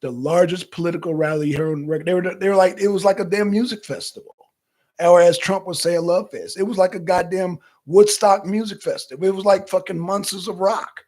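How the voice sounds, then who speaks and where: Male co-host, high husky voice, animated and profane casual commentary. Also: a little fast. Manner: animated, profane, chatting directly to viewers. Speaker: political talk show co-host.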